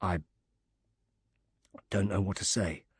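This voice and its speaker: A male narrator voicing a grateful widowed father recovering from injury, speaking softly and haltingly. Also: deep voice, steady tone, slightly rough, dry recording, studio quality, exaggerated voice. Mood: moved, grateful. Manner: soft, halting, moved.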